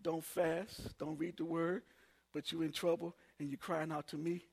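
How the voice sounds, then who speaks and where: A man in his forties preaching a sermon, telling funny personal stories and building up to shouts. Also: a little high, flat delivery, normal speed, gravelly, husky. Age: 40s. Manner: humorous storytelling, builds to shouting. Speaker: pastor.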